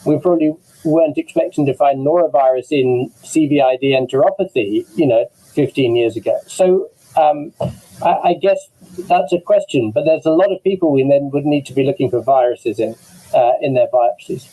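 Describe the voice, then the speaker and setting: A man's voice: mid-range voice, moderate pace, mellow, rough recording. A man with an English accent moderating an online medical discussion, talking with many fillers and restarts over a video call.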